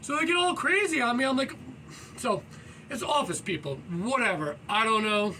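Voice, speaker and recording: Speaking at normal speed, the fitness vlogger rambles loudly and with lots of energy about casual motivation, his very high, bright voice leaning heavily on "you know." He stretches and moves around at home in a low-ceilinged room, far from the mic, in a low-quality recording with faint background noise.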